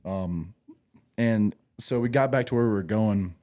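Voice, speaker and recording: This podcast host, once an infantry Marine, spins old military stories unhurriedly in a deep, mellow voice. He rambles loosely, cusses freely, and often starts sentences over, keeping a dark, easygoing tone the whole way through.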